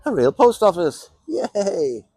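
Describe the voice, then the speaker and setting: A man's voice: medium pitch, animated, moderate pace, a little mellow, no echo. A man with an English accent giving wry, sardonic running commentary as he walks around a town outdoors. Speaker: vlogger on a town walk. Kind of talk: casual walking commentary.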